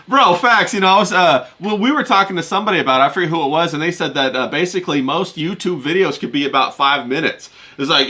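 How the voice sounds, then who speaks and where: Bright-voiced laid-back American streamer. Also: male voice, a little high, fast talker. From Kentucky. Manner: laid-back, slangy, shouts out chat viewers. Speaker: streamer host. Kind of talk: casual stream chat.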